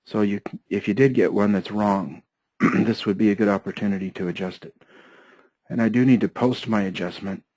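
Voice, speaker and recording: A software trainer with a hoarse, lowish voice walks learners through an accounting program in a screen-share tutorial, proceeding steadily and methodically, one step at a time, at a moderate pace. He repeatedly clears his throat. The recording is dry and close with no room sound, and the audio quality is poor.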